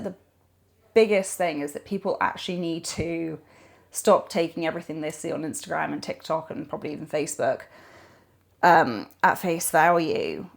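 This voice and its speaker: A woman talks as a guest on a podcast, animated and chatty, full of fillers and self-corrections. Her voice sits fairly low, with a gravelly, creaky texture. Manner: animated, rambling with many fillers. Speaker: nutrition coach, podcast guest. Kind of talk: conversational podcast interview.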